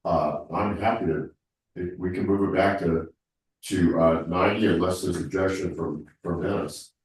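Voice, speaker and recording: A man's voice: low-pitched, steady tone, normal speed, a little hiss or hum. A congested man leading a town board meeting, talking in a rambling way with many restarts. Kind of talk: public meeting discussion. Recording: echoey room, mic far off.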